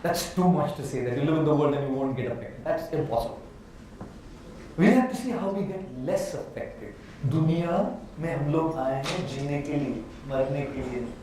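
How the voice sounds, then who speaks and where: A man with an Indian accent giving an animated motivational talk to a live audience, asking them questions as he goes. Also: fairly high pitch, racing, slight background noise. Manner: animated, asks the audience questions, uses props. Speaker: motivational speaker. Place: large hall with a live audience. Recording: echoey hall from far off.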